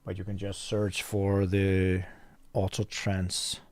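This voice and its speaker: A man chatting casually on a livestream, rambling and thinking aloud as he reads viewers' messages. His voice is middle-pitched and sits close and dry, with no room around it. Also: a little slow, darkish tone, no echo. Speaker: store owner livestreaming.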